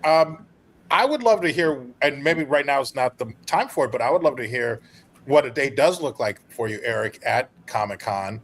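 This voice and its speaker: A man's voice: medium pitch, animated, normal speed. A man who is an actor and comedian, joking with playful asides as a guest in a casual panel chat.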